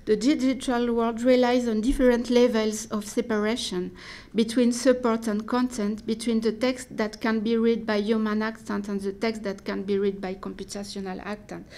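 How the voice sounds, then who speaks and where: With a fairly high pitch and a darkish tone, a woman academic works through a dense talk. Her delivery is measured and cautious, broken by hesitations and restarts.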